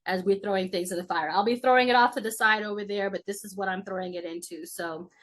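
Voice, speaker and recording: A woman leads a group ritual over a video call, her voice gentle and encouraging. She sits at a mid pitch and closes each share with a soft aho. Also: fast talker. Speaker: shamanic healer leading a ceremony. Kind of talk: guiding a virtual group ritual.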